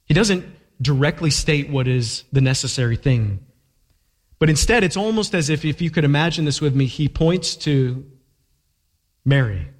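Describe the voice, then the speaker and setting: A male pastor delivers an emphatic sermon in a slightly high voice, pressing his listeners with rhetorical questions. His words carry a long reverb from a large hall.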